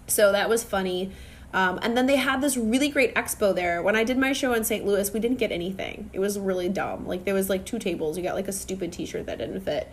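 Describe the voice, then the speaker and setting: A young woman from Minnesota chatting casually to her viewers, telling a lively story full of fillers and asides. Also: mid-range voice, a little fast, slight background noise. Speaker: vlogger. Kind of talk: casual chat to camera.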